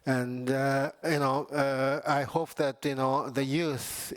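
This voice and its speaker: A man chairs a panel discussion in a polite, measured way, summing up what the speakers said before he hands over the floor. His voice is mid-pitched and dry, with little room sound. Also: flat delivery, no room sound. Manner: polite and measured, with frequent fillers. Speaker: panel moderator.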